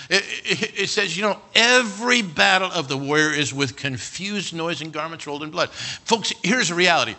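A middle-aged male pastor preaching a sermon, telling stories and swinging from quiet asides to loud near-shouts. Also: a little high, expressive, moderate pace.

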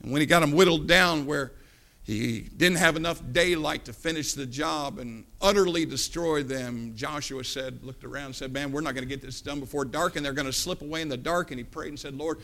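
A man preaching a sermon, fervent, swinging from low asides to loud climaxes and acting out Bible characters as he tells the stories. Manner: acts out Bible characters in the telling.

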